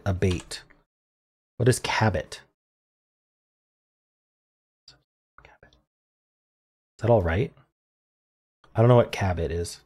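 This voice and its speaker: A man solving a crossword out loud, muttering clues and thinking aloud in an unsure, self-questioning way. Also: low-pitched, breathy edge. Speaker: puzzle-solving video creator.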